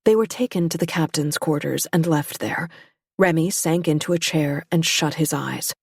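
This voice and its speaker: A woman narrating a novel as an audiobook, with a measured, even delivery. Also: low voice, gravelly, slightly rough, no echo, clean studio sound. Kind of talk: scripted narration.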